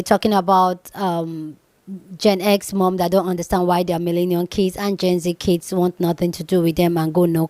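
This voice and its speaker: A woman's voice: lowish voice, a little mellow, no room sound. Woman, reaction host, casual commentary, talks to viewers, dry recording. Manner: chatty, talks straight to viewers.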